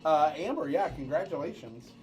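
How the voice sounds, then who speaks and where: Playful rambling man, slightly high voice. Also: animated, normal speed, a little mellow, soft background music. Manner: rambling, playful, calls emoji races with jokes. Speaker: livestream co-host. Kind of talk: casual livestream chat.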